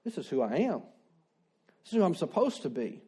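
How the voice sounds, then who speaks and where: A male pastor delivers a sermon in a relaxed, talky way. His voice sits a little high but stays soft and mellow. He keeps asking the congregation questions and restating his main points. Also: brisk, husky. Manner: conversational preaching with rhetorical questions and repeated declarations.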